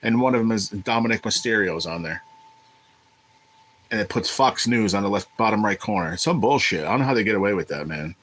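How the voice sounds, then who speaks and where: Man, livestream host, casual chat, blunt and profane, lowish voice. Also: animated, fairly quick, a bit bright, poor audio. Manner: profane, irritated ranting.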